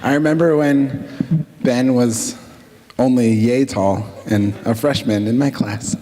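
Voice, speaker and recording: A man's voice: medium pitch, steady tone, slow, warm tone. A man who teaches at the school, introducing the next storyteller on stage. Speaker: emcee and teacher.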